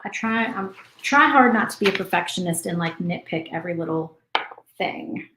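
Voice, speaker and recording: Woman chatting through a live craft stream, thinking out loud while she paints, roomy echo. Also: lowish voice, animated, moderate pace, background noise. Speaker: crafting livestream host. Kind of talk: casual live crafting chat.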